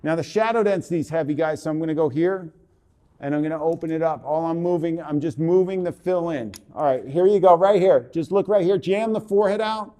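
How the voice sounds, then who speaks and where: A man coaching a portrait subject through a photo shoot, giving brisk, repetitive commands over a live video call. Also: a little high, mellow.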